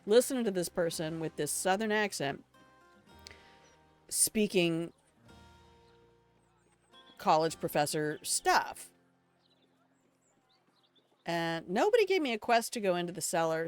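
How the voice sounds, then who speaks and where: An older woman from Alabama rambles through stories and asides while she plays, talking casually to her viewers. Her voice sits a little low for a woman, with faint game music underneath. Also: very animated, a little slow, long pauses. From Alabama, United States. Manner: chatty, rambling storyteller talking to chat. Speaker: game streamer. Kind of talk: casual let's-play commentary.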